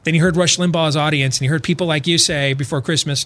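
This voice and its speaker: A man co-hosting a political talk radio show, telling a story with acted-out quotes and building to loud, emphatic points. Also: fairly high pitch, quick pace.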